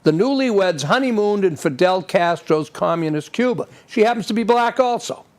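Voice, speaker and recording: A man's voice: sits high, expressive, normal speed. A man hosting a TV show, delivering an opinionated political commentary monologue full of indignant rhetorical questions. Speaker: TV show host.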